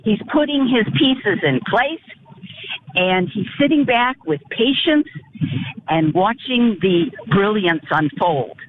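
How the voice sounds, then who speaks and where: A caller to a radio show speaking in an animated, admiring way over a thin phone line. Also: mid-range voice, takes it slowly, slight background noise. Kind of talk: call-in commentary.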